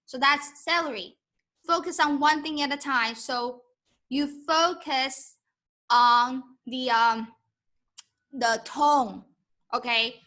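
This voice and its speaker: High, bright-voiced teacher woman. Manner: slow, patient, mixes English with Mandarin, models tones by humming. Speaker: Mandarin teacher. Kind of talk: live-streamed language lesson.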